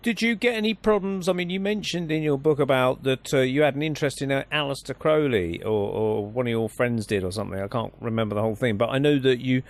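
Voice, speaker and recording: Halting male radio host. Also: mid-range voice. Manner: halting, with fillers and restarts. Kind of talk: interview questions.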